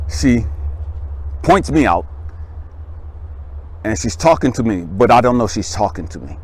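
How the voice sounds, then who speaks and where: A man telling a personal story as a motivational speaker, casual and animated, laughing and checking in with the listener, his voice jumping high when he gets emphatic. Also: a little hiss or hum. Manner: voice jumps much higher and louder when he is emphatic. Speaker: motivational speaker and life coach.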